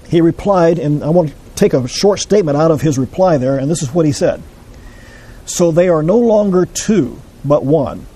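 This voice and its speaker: Man, Bible class teacher, husky, mellow, measured explaining, asks questions. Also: fairly high pitch, poor audio.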